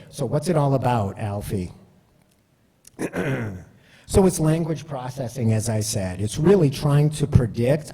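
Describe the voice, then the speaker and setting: A man's voice: mid-range voice, mellow, husky, big-room sound. A man giving a conversational storytelling talk, full of fillers and asides like "right?". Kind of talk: storytelling presentation.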